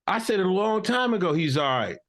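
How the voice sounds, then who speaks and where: A middle-aged man co-hosting a comedic podcast, teasing his co-host with mock accusations in lively banter. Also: high-pitched, a little fast.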